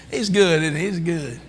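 A man preaching a sermon as pastor, calling out to the congregation and building into shouting. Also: on the high side, in a large hall, a little hiss or hum. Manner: calls out to the congregation. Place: church sanctuary.

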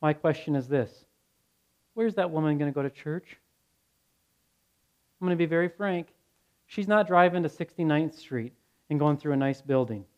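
A young male pastor delivers a sermon with blunt, earnest directness. His voice sits a little high for a man and turns to relaxed, conversational storytelling. The recording sounds dull and lo-fi. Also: moderate pace, pauses often.

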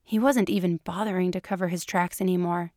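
A woman's voice: on the low side, steady tone, a little fast, dark tone, dry recording, clean studio sound. A woman reading fan fiction aloud in a playful, amused narrating manner. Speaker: reader.

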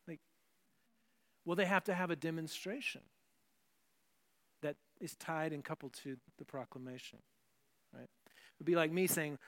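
A man with a somewhat high-pitched voice delivers a sermon in a loose, conversational way. He often restarts his phrases and breaks off into asides as he talks to the congregation. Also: moderate pace, long pauses, a bit bright. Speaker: pastor.

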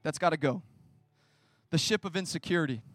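A young man preaching a sermon as pastor, passionate, swinging from hushed asides to loud, ringing declarations. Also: fairly high pitch, brisk, dry recording, soft background music.

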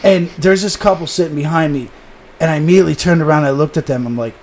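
A man's voice: fairly high pitch, fast, a little mellow, a little hiss or hum. A man telling a long story in a casual podcast chat, swearing often and animatedly acting out what people said.

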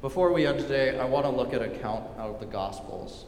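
Emphatic preacher in an echoing hall. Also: male voice, mid-range voice, quick pace, a little hiss or hum. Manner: emphatic, repetitive, dropping to quiet intensity. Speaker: pastor. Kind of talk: sermon. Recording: echoey hall with long reverb.

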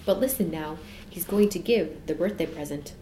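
A woman voicing a male brown bear in an audiobook, speaking gruffly and respectfully in a hushed tone. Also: on the low side, normal speed, slight background noise, lightly acted. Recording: roomy echo.

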